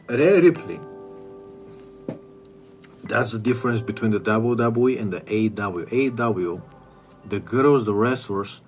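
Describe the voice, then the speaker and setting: A man ranting in a commentary vlog in a slow, drawn-out way with a lowish voice. He swears and circles back over his words. Faint music sits behind him. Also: creaky. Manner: crude, profane, repetitive ranting. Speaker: wrestling vlogger.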